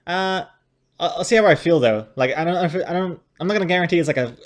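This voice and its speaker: A man, a comic artist, chatting casually on a live stream, reading viewer questions aloud in a halting, rambling way from his home studio desk. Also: a little high. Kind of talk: casual livestream chat.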